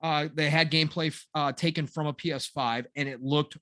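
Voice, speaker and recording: A man's voice: fairly high pitch, fairly even intonation, a little fast, a bit bright, dry recording, studio quality. A man in his forties co-hosting a gaming podcast, rambling and sarcastic with a self-deprecating streak. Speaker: podcast co-host. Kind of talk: casual gaming news chat.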